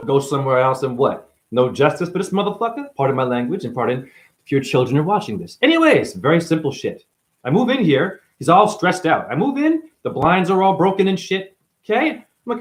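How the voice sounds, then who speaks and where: Animated man rambling on a livestream. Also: on the high side, fairly quick. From Boston. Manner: animated, jumps between topics, swears, mimics voices in stories. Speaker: livestream host.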